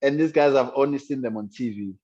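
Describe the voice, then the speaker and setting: A South African man tells his story as a guest in an interview, reflective and earnest. His voice is mid-pitched. The recording sounds dull and lo-fi. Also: fairly quick, darkish tone, breathy edge, faint music behind. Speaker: guest musician.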